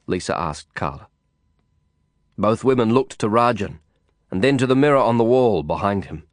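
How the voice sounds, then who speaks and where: A man reading a novel aloud in first person, measured and reflective. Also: on the low side, animated, dry recording, studio quality. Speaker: audiobook narrator. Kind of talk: first-person audiobook narration.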